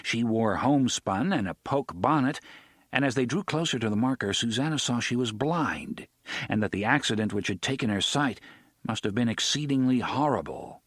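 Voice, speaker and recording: A man narrates an audiobook in a measured way, his pitch moving lively through each sentence. His voice is slightly husky and dry, close to the mic. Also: no room sound. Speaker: audiobook reader. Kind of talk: scripted narration.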